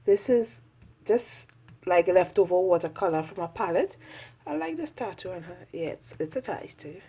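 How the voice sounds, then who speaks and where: A woman's voice: fairly low pitch, expressive, normal speed, dark tone, breathy edge. A woman chatting casually through a sketchbook tour, rambling and self-mocking, often laughing at her own drawings. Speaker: artist vlogger.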